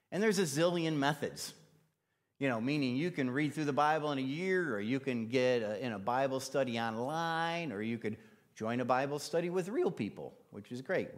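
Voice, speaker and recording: Chatty man preaching. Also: medium pitch. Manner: casual, chatty, with many fillers. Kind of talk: conversational sermon. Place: church.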